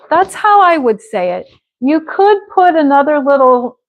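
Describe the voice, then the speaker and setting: Slow, patient American woman teaching English. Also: high-pitched, very animated, poor audio. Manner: encouraging, slows to sound out words. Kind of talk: live pronunciation class. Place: online class.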